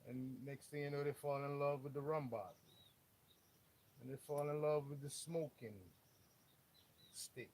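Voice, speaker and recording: A man's voice: mid-range voice, steady tone, measured pace, vocal fry, long pauses, a little mellow, a little hiss or hum, low-quality recording. A man streaming live as a mechanic, explaining engine work bluntly with joking asides. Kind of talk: live how-to stream, casual chat. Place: auto workshop.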